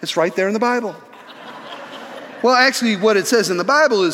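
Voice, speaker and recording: High-voiced man preaching in a hall. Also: fairly quick, slight background noise. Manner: conversational, animated retelling. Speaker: pastor. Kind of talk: sermon storytelling. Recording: long reverb in a large hall.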